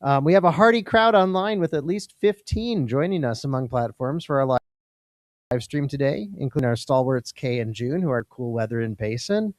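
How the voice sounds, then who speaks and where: Calm man leading a church offering. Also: medium pitch, moderate pace, no echo, studio quality. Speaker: service leader. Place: church sanctuary.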